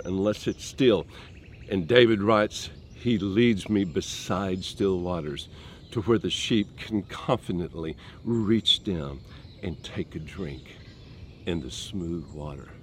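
A man preaching a sermon in a slow, earnest way, dropping soft and low and then rising for emphasis. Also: slight background noise.

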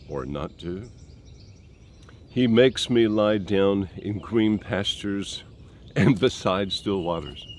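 A man preaching a sermon in a slow, earnest way, dropping soft and low and then rising for emphasis. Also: slight background noise.

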